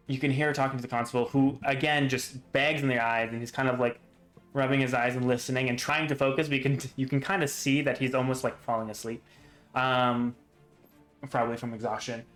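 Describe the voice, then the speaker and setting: A man narrating as game master of a tabletop game, talking haltingly with many fillers. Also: medium pitch, a bit bright, reverberant.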